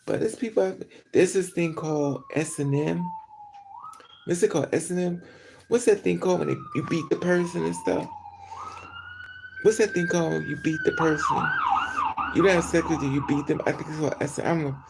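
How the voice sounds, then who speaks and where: A woman's voice: on the low side, brisk, creaky, background noise. A woman vlogger telling stories in a casual, profane, gossipy monologue and often laughing between remarks.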